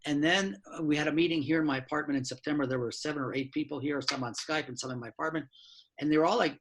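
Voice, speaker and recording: A man in his sixties talks frankly and bluntly, dropping mild curses and quick asides as he explains his work. His voice is husky and a touch higher than most men's. He speaks from his apartment over a video call. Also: fairly even intonation, a bit bright. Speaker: law professor and author giving a talk. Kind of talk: candid lecture-style talk.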